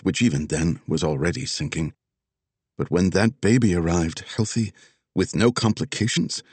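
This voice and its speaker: A man narrating an audiobook thriller in a steady, descriptive way. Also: low-pitched, husky, dry recording. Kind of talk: scripted narration.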